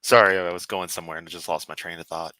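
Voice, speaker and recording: Bright, sarcastic Southern man streaming. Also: sits low, steady tone, fast talker, dry recording. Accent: Southern US (Memphis). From Memphis. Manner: sarcastic, goofy, profane. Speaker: streamer host. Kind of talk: casual livestream commentary.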